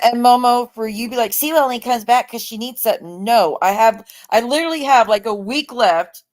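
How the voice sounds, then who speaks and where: A woman chatting casually on her livestream, blunt, profane and openly sarcastic. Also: mid-range voice.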